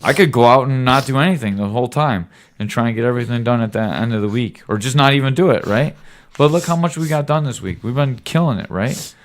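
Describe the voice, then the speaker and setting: A man's voice: medium pitch, quick pace. A man, a podcast host, giving his son a rambling, earnest fatherly lecture in casual talk, often checking in with "right?". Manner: lecturing, occasional cussing.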